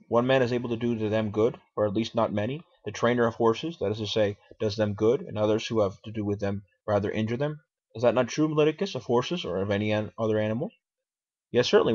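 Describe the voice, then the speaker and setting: A man's voice: lowish voice, close to an everyday voice. A man reading as a defiant old philosopher on trial. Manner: argumentative, questioning. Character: aged male philosopher defending himself in court. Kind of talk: dramatic reading. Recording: dull lo-fi recording.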